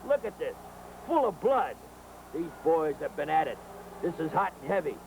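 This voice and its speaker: Excitable high gravelly wrestling commentator man. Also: normal speed, slight background noise, low-quality recording. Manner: hyped, talks straight to the fans. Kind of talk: excitable over-the-top commentary.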